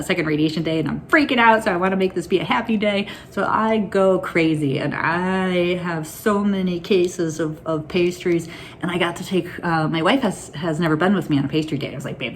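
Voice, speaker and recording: A woman's voice: fairly low pitch, fairly even intonation, moderate pace, a little hiss or hum. A woman vlogging to her phone camera in a candid, rambling way, laughing through anxious stories. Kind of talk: casual personal vlog.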